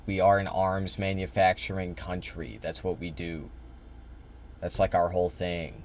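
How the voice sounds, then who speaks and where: A man's voice: deep voice, fairly even intonation, unhurried, a little hiss or hum. A man reacting to a video, with blunt and sarcastic commentary. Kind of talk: casual commentary.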